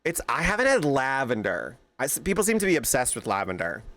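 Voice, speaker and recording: A young man streaming, chatting casually with his viewers, telling animated stories and greeting them by name. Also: medium pitch, a little fast.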